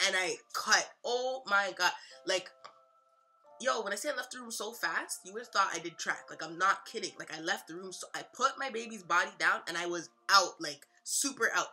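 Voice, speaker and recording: A young woman tells an emotional story, talking in a slangy, animated way with many fillers and sudden loud and quiet stretches. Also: mid-range voice, normal speed, breathy edge, soft background music. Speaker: vlogger, mother.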